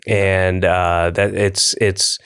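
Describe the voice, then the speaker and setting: An older American man hosting a podcast, talking bluntly in a halting way with lots of fillers and restarts. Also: low-pitched, little pitch movement, fairly bright tone, clear, resonant tone, no echo, clean studio sound. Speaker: podcast host. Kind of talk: casual chat.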